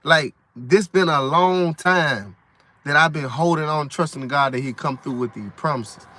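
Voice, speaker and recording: A man's voice: on the high side, a little slow, bright, forceful tone. A man giving an emphatic, repetitive faith testimony in a casual vlog. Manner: preachy, emphatic, repeats himself. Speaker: vlogger sharing testimony.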